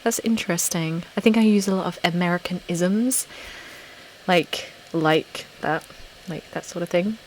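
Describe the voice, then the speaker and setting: A woman's voice: fairly low pitch, unhurried, low-quality recording. Giggly woman chatting on a livestream. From England (Essex). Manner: giggly, chatty, self-deprecating. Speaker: ASMR channel host. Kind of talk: casual live-stream chat. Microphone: desktop microphone. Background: laptop fan noise.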